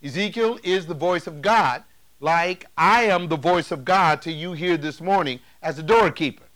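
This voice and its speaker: A man preaching a sermon as pastor, emphatic and rising to loud declarations. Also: a little high, normal speed. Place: church sanctuary.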